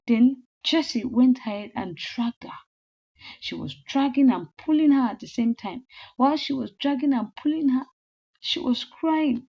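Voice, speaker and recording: High-voiced woman retelling a movie plot. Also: lively intonation, measured pace, gravelly, slightly rough. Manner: breathless, repetitive "then she was like" retelling. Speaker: movie recap storyteller. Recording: slightly muffled lo-fi audio.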